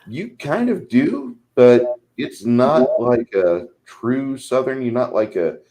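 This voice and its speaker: A man's voice: mid-range voice, lively intonation, takes it slowly, warm tone, a little hiss or hum, rough recording. A man co-hosting a casual chat, rambling and filling his talk with "like". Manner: rambling, lots of "like". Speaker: co-host.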